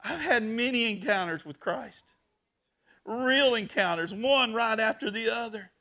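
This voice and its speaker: A pastor preaches with a high, raised pitch and a gravelly rasp. He moves between quiet confiding and near-shouting. The delivery is heartfelt and emotional throughout. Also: animated, a little slow. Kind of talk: sermon.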